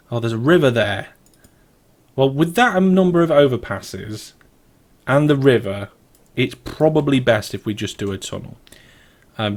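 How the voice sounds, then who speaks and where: British guy doing casual game commentary, mid pitch, rambles and thinks out loud. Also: slightly rough. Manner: thinks aloud, wandering and chatty. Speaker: let's play host.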